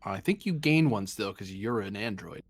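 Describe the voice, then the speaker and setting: A man's voice: on the low side, expressive, moderate pace, slightly rough, dry recording. A man playing a tabletop game, describing his actions with hesitant fillers. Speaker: player. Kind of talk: casual game chat.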